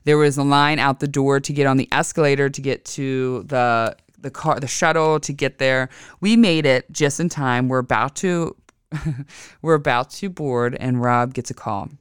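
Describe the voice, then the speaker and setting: A woman hosting an astrology podcast from home, telling a personal story casually and animatedly, acting out other people's lines with big jumps in pitch. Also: normal speed, clear, resonant tone, no echo, clean studio sound.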